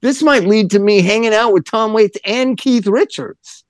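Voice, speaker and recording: A middle-aged man co-hosting a podcast, telling a long story in casual chat and acting out the quotes in a lowered voice. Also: normal speed, no room sound. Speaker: podcast co-host.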